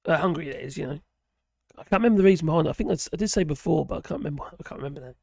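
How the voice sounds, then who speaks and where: A man with a hoarse voice, rambling and chuckling as he hosts a live stream and reads out viewer chat. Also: a little high, animated, racing, no room sound. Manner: rambling, chuckling, trailing off mid-sentence. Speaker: livestream host reading viewer chat.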